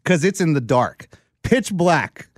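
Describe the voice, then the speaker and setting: A man's voice: a little high, slow pace, no echo, clean studio sound. A man co-hosting a casual talk show, telling a story animatedly and acting out the people in it. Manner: animated, acts out characters mid-story. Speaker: radio show co-host.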